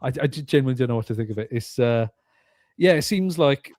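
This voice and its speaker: A man's voice: mid-range voice, expressive, quick pace, darkish tone, dry recording, studio quality. A British man hosting a casual podcast chat, talking with lots of fillers and restarts. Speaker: podcast host.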